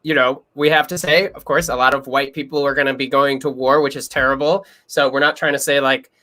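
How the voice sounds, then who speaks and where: A young man hosting a history podcast in casual, excitable chat, talking quickly and often laughing. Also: mid-range voice. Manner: quick, excitable, breaks into laughs and loud yells. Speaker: podcast host.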